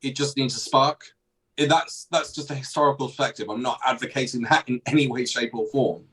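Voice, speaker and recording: A man's voice: medium pitch, steady tone, fairly quick, a bit bright, husky, rough recording. A man hosting a podcast, chatting casually about politics and often restarting his thoughts. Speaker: podcast host.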